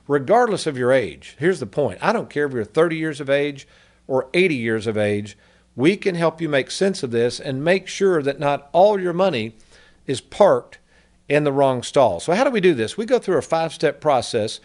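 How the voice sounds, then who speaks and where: A man's voice: on the high side, a little mellow. A man hosting a radio talk show on finances, giving a folksy, persuasive monologue with stories.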